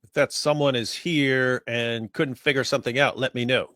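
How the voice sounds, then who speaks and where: A man's voice: medium pitch, fairly even intonation, moderate pace, sharp tone, no echo, studio quality. A man co-hosting a casual livestream, trading wry, teasing banter. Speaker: livestream co-host.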